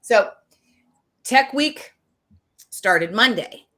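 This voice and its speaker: A woman in her forties co-hosting a podcast, telling a story in a casual, animated way, full of fillers and restarts. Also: on the high side, drawn-out words. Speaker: podcast co-host. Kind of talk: casual chat.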